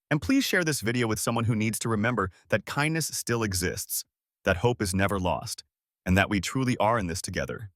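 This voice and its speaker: Male storyteller, smooth scripted narration; animated pitch, dry. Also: no room sound.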